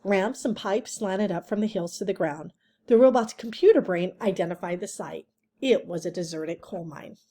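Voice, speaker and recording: A woman's voice: mid-range voice, normal speed, mellow. A woman reading a children's book aloud, adding chatty asides and correcting her own slips. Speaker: reader.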